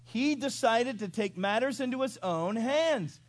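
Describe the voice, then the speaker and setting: Brief: high-pitched male pastor, lively sermon storyteller who quizzes his flock. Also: unhurried, dry recording. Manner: animated storytelling, chuckles, asks the congregation questions.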